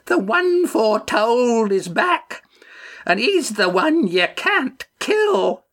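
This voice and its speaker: A man voicing a quavering old woman who foretells doom in a storybook reading, high and strained. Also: very animated, slow pace, fairly bright tone, full character voice. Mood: prophetic.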